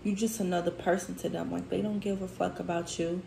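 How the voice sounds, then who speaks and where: A woman's voice: fairly low pitch, level tone, fairly quick, creaky, warm tone, echoey room, a little hiss or hum. A woman speaking who vents about work in a heated, profane storytime chat, tearful at times. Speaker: food vlogger.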